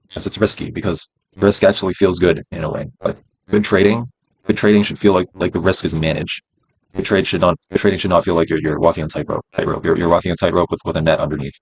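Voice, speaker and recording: Man with a deep voice, day trader on a live stream, swears a lot, repeats himself. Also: breathy edge, rough recording. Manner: profane, repeats himself, talks himself through it. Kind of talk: casual live-stream self-talk.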